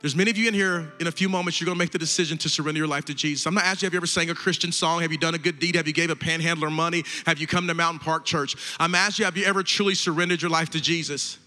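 A man's voice: on the high side, fairly even intonation, racing, hardly any pauses, pushed and bright. A man preaching an altar call as pastor, with fervent repeated exhortations, in a large church hall. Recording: long hall reverb, faint music.

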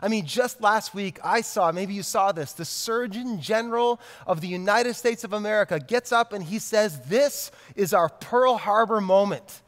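A male pastor in his thirties preaching with a notably high voice, casual and direct, circling back to repeat his main points. His sermon rings through a large hall with a long reverb tail. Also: moderate pace, few pauses, a bit bright. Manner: conversational, repeats key lines for emphasis.

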